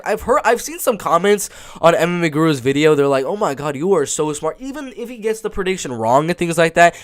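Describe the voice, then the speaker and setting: A man hosting a casual reaction video, rambling and stammering as he repeats himself. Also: on the high side. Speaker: YouTube reaction host.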